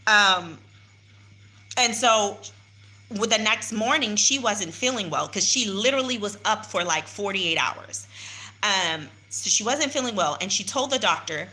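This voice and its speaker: A woman's voice: medium pitch, expressive, a little slow, pushed and bright. An American woman telling her followers what happened, indignant and emphatic, repeating phrases to drive the point home, filming on a handheld phone. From United States. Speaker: vlogger. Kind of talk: personal vlog recounting events to followers. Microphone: handheld phone without stabilizer.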